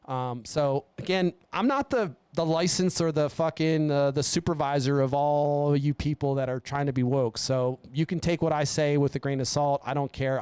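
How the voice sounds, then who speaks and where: Male podcast host, solo profane rant, smooth clear voice, dry close sound. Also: a little high, darkish tone, no echo. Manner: swearing, blunt, rambling. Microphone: studio mic.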